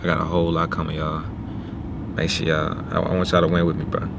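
Deep-voiced young guy vlogging in his car, slangy and reflective, road noise behind him. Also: monotone, quick pace, creaky. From Little Rock, Arkansas. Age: 20s. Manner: reflective, slangy, addresses viewers as family. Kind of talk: casual vlog talk to viewers. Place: inside a car. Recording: noisy car interior.

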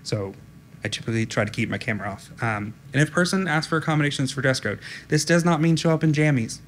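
Flat-toned man giving a conference talk. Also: medium pitch, fast, a little hiss or hum. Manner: direct, informal, frequent ums. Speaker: conference speaker. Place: conference room.

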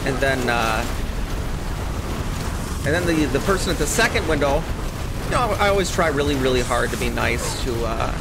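A man's voice: mid-range voice, heavy background noise. A man hosting his gaming channel, casually commentating gameplay in a rambling, chatty way and swearing freely.

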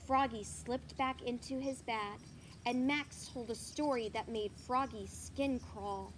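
A woman reading a children's picture book aloud, animated and asking the listener questions. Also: a little high, slow, a little hiss or hum. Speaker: storyteller.

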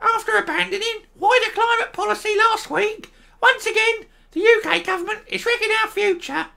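A shrill, squeaky little man with a whiny, indignant edge. The voice is pitched far above normal and sounds reedy. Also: moderate pace, gravelly, pushed and bright, full character voice. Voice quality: high squeaky voice. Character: squeaky tiny male politician, shrill and whiny.

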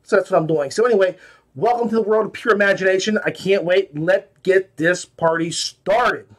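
A man's voice: high-pitched, normal speed, slight background noise. A man hosting his own audiobook review podcast, talking casually and rambling with lots of fillers and restarts.

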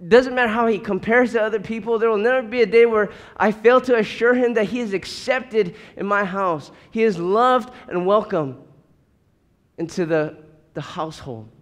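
A pastor in his thirties preaches with a high, bright-edged voice, earnest and pressing, often doubling words as he builds toward a point. The sound carries a long reverb tail, as in a large hall. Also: moderate pace. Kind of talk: sermon.

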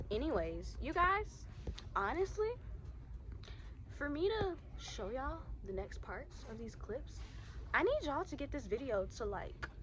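Brief: young woman vlogger, high lively voice, playful and dramatic, noisy store behind. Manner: playful, dramatic, loud outbursts. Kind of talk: casual vlog chat. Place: inside a big store.

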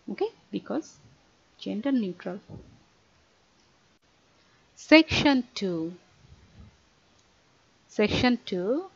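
A young woman, teaching a grammar lesson online with careful explanations and frequent pauses to say uh. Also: medium pitch, no room sound. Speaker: language teacher. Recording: dry, dull lo-fi recording.

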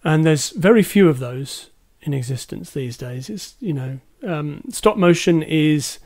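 Male podcast co-host, fairly high voice, hesitant but enthusiastic, casual talk. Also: lively intonation, a little slow, a little mellow. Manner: hesitant, many ums, enthusiastic. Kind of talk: casual film discussion.

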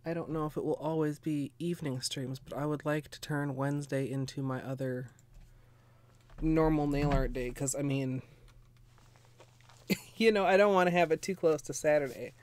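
A woman streaming nail art, chatting casually and ramblingly with viewers while a bit under the weather, clearing her throat now and then. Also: deep voice, normal speed, a little mellow. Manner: rambling, chatty, greets viewers, frequent laughs and fillers. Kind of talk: casual livestream chat.

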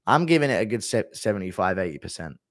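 A man streaming live and reading chat messages aloud, crude and deadpan with mumbled asides. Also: fairly low pitch, fast talker, no room sound, studio quality.

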